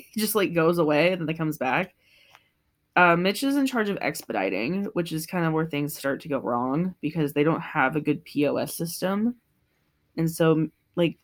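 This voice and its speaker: A podcast co-host recapping an episode in casual chat, laughing often and swearing freely. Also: medium pitch.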